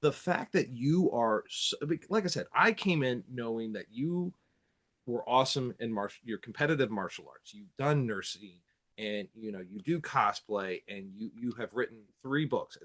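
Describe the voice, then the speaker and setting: A man hosting a podcast interview, enthusiastic and quick to laugh, with rambling questions. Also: medium pitch, animated, fairly bright tone. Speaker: podcast host.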